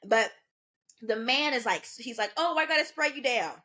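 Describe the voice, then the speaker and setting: Speaking at a normal speed in a fairly high voice, a young woman in her twenties co-hosts a podcast and tells a story in casual conversation. She's lively, taking on the voices of the people in it.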